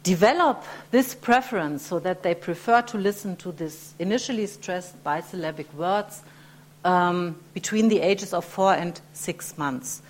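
A woman giving an academic lecture, hesitant, with many fillers, restarts and throat clearing. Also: on the low side, unhurried.

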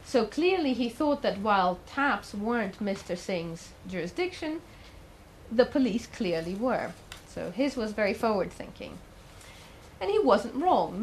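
A woman's voice: on the high side, slight background noise, low-quality recording. A woman giving a talk, telling a story in a conversational way with the odd filler and questions to the audience. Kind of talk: storytelling lecture.

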